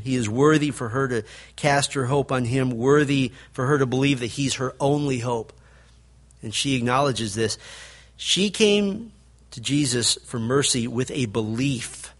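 A male pastor preaching a sermon, building to emphatic peaks and then dropping to a quiet, low delivery.

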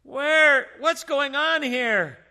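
A man's voice: high voice, fairly even intonation, slow, bright, forceful tone, smooth, full character voice. A man acting out a tired, hungry young seminary student who grows outraged about dinner. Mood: indignant. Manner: outraged rhetorical complaining.

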